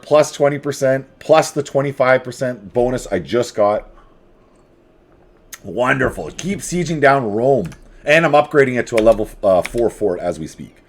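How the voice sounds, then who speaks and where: Playful man narrating his own gameplay. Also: mid-range voice. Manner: playful, jokey, talks to the game units. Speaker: strategy game streamer. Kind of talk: casual gameplay commentary. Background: faint game music.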